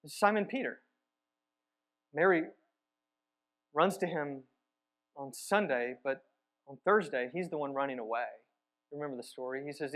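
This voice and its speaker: A man teaching a sermon, telling the story with sudden swings from emphatic to hushed. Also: a little high, normal speed, pauses often. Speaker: church teacher.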